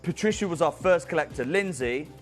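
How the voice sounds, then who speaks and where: A slightly high-voiced man hosts a live TV shopping sale in a studio. He pushes hard and urgently, naming viewers one after another. Faint music plays underneath. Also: expressive, brisk. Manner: urgent, persuasive, addresses viewers by name. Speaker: shopping channel presenter. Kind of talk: fast live sales pitch.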